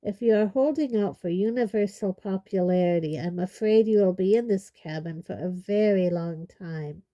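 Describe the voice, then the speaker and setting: A woman voicing a very old, calm and kindly headmaster with a measured, gently dry manner in an audiobook. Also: mid-range voice, lightly acted. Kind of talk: audiobook character voice.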